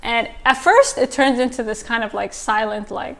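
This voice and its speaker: A woman hosts a casual TV episode review, speaking in a slightly high voice. She talks in a loose, chatty way, full of fillers and quick asides. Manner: chatty, filler-heavy, exclaims. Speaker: TV recap host.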